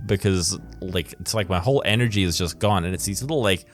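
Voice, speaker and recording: A man co-hosting a casual chat, relaxed and playful, with storytelling asides. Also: low voice, fast talker. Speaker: co-host.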